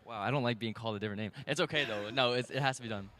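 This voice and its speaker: A man's voice: medium pitch, rapid-fire, bright, forceful tone. A young man as a guest on a campus podcast, speaking earnestly about his opinion outdoors. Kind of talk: casual opinion discussion.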